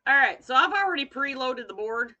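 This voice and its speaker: Folksy Kentucky woman hosting a live craft demo, bright, slightly high voice, faint noise. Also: animated, brisk, dull audio. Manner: chatty, folksy, addresses viewers as y'all. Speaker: wreath-making demonstrator. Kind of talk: live craft tutorial chat.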